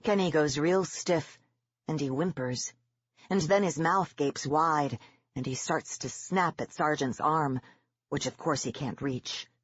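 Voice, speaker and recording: An audiobook narrator reading a horror novel in a measured, even storytelling manner, in a slightly dull lo-fi recording. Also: medium pitch, husky, dry recording.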